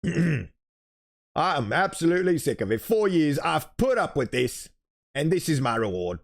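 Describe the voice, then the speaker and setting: A man's voice: a little high, big pitch swings, moderate pace, vocal fry, voice pushed up, exaggerated voice. A man voicing a furious young man who snaps at a rival, swearing and exasperated.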